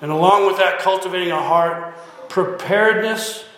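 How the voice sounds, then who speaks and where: A man's voice: high voice, moderate pace, fairly bright tone. A man preaching a sermon, pressing listeners with repeated rhetorical questions. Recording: heavy echo, long hall reverb.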